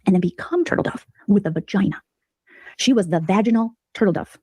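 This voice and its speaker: A woman giving sarcastic, mocking gossip commentary as a streamer, telling the story in an animated way. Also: medium pitch, a little fast, breathy edge, no room sound.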